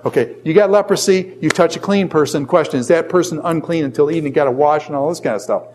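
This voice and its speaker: A man's voice: a little high, quick pace. A middle-aged man teaching a Bible class in a classroom. He asks the class questions and answers them himself, and tells stories with jokes and asides. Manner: animated storytelling with jokes and asides. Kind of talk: lively classroom lecture.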